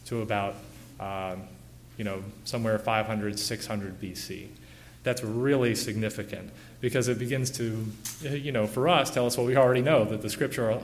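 A man in his thirties giving an informal illustrated lecture, relaxed, with many "uh" and "you know" fillers. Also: on the low side, a little hiss or hum.

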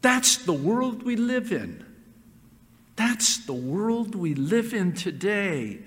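A high, lively male voice preaching a sermon in a church hall, repeating phrases and leaning hard on key words. He speaks slowly, and the sound rings with a long hall reverb.

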